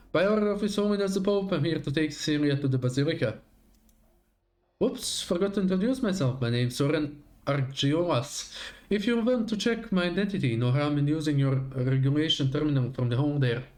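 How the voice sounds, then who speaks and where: A man's voice: a little high, fairly quick, darkish tone, lightly acted. A man voicing a breezy young male church agent in a game scene, speaking in a playful, teasing way.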